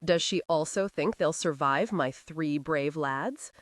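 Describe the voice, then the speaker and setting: A woman's voice: low-pitched, a little slow, dry recording, studio quality. A woman voicing a curt brooding lord. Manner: curt, commanding. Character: brooding gruff young lord, short-tempered.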